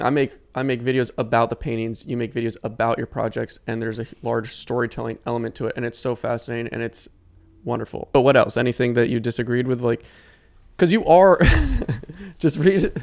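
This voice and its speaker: A man's voice: medium pitch, steady tone, fast, vocal fry. A man hosting a casual interview, talking in an enthusiastic, rambling way. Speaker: podcast host.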